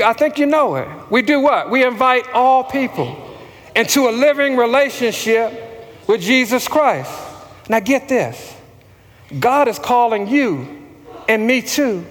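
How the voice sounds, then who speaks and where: A man's voice: very high voice, expressive, unhurried, a bit bright, big-room sound. A man preaching a sermon as pastor, calling out questions for the congregation to answer back. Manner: preaching with call-and-response to the congregation.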